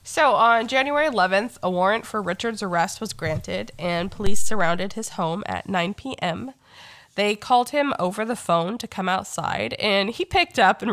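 A woman's voice: medium pitch, fairly bright tone, no echo. Blunt young woman, just getting over being sick. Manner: blunt, sarcastic, many ums. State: recovering from illness, coughing. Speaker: podcast co-host. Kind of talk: casual true crime chat.

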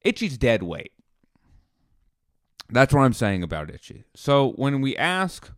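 A middle-aged man hosting a podcast, delivering an animated comedic monologue and acting out scenes in dialogue. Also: mid-range voice, measured pace, pauses often, smooth, no room sound, studio quality. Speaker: podcast host.

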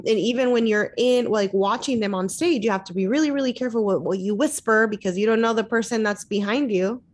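A woman tells a lively story in casual conversation, slipping into the voices of the people she quotes. She sounds like a young adult, with a voice that is neither high nor low. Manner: animated, acts out voices in her anecdotes. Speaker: dance mom.

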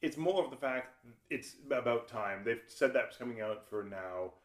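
A man in a casual game chat, quick to push back and argue his point. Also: mid-range voice, lively intonation, roomy sound. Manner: argumentative, quick to object. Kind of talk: casual group chat about video games.

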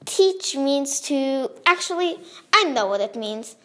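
A woman's voice: high voice, expressive, slow pace, fairly bright tone, full character voice. A woman voicing a sarcastic, impatient boy bully in a read-aloud story.

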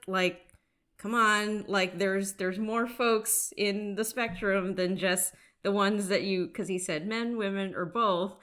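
Slow-talking chatty woman podcast host. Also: mid-range voice, steady tone, fairly bright tone. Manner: chatty, filler-heavy, laughs often. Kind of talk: casual podcast chat.

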